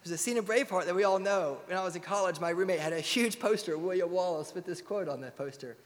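A man preaching a sermon as pastor, firing rhetorical questions and swinging from loud urgency to hushed tones. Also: sits high, fast. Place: church sanctuary. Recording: long reverb in a large hall.

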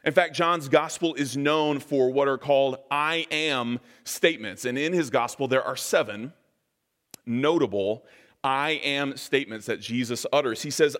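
A man preaching a sermon as pastor, measured and deliberate, slowing down to weigh key phrases. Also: medium pitch, fairly bright tone. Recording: long reverb of a large hall.

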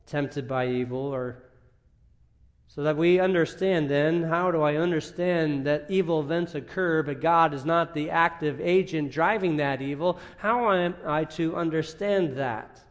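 A man's voice: a little high, a little slow. A man preaching a sermon as pastor, teaching earnestly and leaning on key points with rising emphasis. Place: church sanctuary. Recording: long reverb of a church hall.

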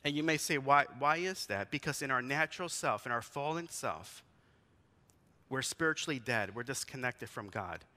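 A man's voice: mid-range voice, expressive, moderate pace, sharp tone. A man in his forties, a pastor giving a conversational sermon in a church, telling stories and asking the congregation questions. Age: 40s.

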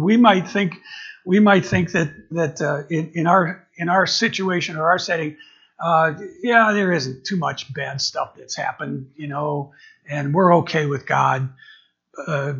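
A man's voice: a little high, fairly bright tone, slightly rough. A man preaching as an interim pastor, often restarting and repeating words as he searches for his phrasing. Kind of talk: sermon. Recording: dull lo-fi recording.

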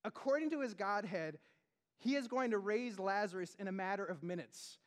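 With a high-pitched voice and moderate pace, this man delivers a sermon as pastor, talking conversationally and peppering his speech with "like" and "right?". He shifts from booming emphasis to quiet tones, throwing in asides and questions to the congregation.

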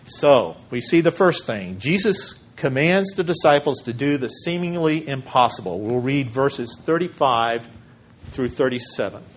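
A man preaching a sermon as pastor, measured and emphatic, with deliberate pauses for weight. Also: medium pitch, lively intonation, slight background noise.

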